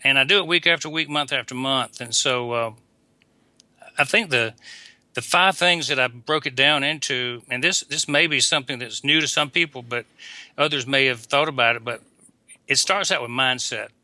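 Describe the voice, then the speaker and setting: A man, a dentist guest talking in a folksy, unhurried way. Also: mid-range voice, pushed and bright, dry recording. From Atlanta, Georgia. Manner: folksy, unhurried, with frequent restarts. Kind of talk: casual interview talk. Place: visiting abroad, remote call.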